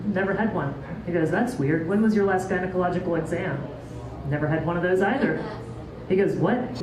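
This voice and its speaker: A woman telling a funny anecdote in a dry, deadpan way. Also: on the low side, fairly quick, a crowd in the background. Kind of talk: stand-up style anecdote. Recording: roomy, distant, noisy recording.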